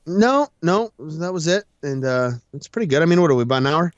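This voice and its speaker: A man's voice: a little high, expressive, a little fast, dry recording, highs cut off. A tired man co-hosting a casual racing chat show, rambling and laughing at himself. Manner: rambling, self-deprecating, laughs often. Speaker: co-host, race announcer.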